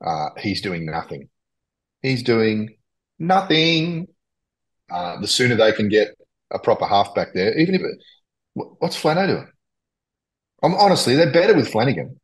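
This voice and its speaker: A man's voice: fairly low pitch, expressive, brisk, slightly rough, rough recording. A man co-hosting a rugby league podcast over a video call, blunt and opinionated, calling his co-host mate. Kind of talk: casual sports chat.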